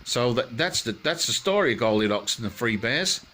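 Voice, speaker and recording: A man's voice: mid-range voice, lively intonation, sharp tone. Rambling man telling a bedtime story. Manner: rambling, halting, with many restarts.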